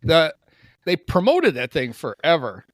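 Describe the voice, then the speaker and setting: A man's voice: fairly high pitch, wildly swooping pitch, measured pace, fairly bright tone, dry recording, studio quality. A man hosting a casual sports podcast, joking and rambling with restarts. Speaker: podcast host.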